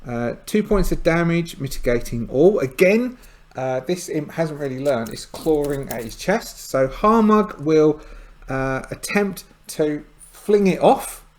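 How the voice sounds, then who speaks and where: Guy narrating his solo tabletop game, slow, lots of uhs and tangents. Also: fairly high pitch, animated. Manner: rambling, hesitant, many fillers and asides.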